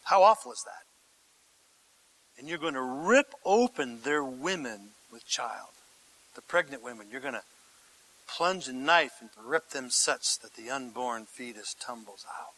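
A male pastor preaching a sermon, dramatic, dropping to hushed tones and rising to shouts, asking the congregation direct questions. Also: medium pitch, expressive, a little slow, rough recording.

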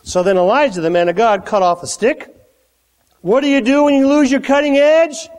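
Male preacher, high and animated, talks conversationally and builds to loud peaks, echoey hall. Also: moderate pace. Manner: animated, conversational, dramatic swings in volume. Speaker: pastor. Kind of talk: sermon.

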